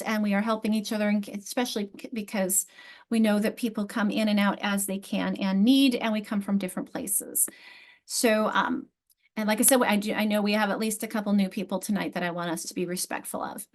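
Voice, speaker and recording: A woman's voice: medium pitch, fairly even intonation, fairly quick, a little mellow. A woman with a New York accent leading an online literacy class in a friendly, chatty way, often restarting her sentences. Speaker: literacy instructor. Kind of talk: online teaching session. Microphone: video call.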